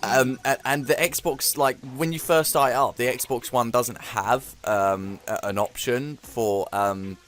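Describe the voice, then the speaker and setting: A man's voice: mid-range voice, steady tone, measured pace, few pauses, a bit bright. Chatty man swearing between laughs. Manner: rambling, swears freely, laughs often. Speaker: gamer co-host. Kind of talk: casual chat while gaming.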